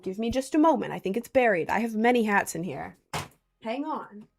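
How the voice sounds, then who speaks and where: A woman's voice: a little high, lively intonation, a little fast, creaky, a little hiss or hum. Young woman streamer, casual chat, rambling and self-mocking.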